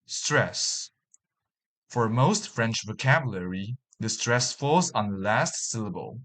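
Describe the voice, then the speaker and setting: Male language instructor, scripted lesson narration; slow, measured delivery, slightly husky tone. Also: mid-range voice, animated, a bit bright. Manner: slow, deliberate, reading out example words and sentences. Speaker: language teacher.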